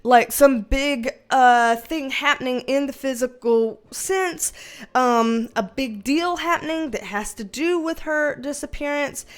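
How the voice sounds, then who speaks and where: A woman's voice: high-pitched, a little slow. A woman giving a casual tarot reading on video, chatty and emotional, rambling with many fillers. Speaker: tarot reader.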